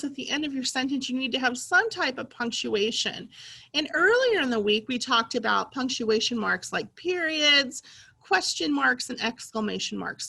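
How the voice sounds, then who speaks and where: A woman teacher guides young children through a reading lesson, enunciating every word slowly and clearly. Her voice is bright and a little high, with a gravelly edge at the ends of phrases. She reads the practice sentences with exaggerated excitement.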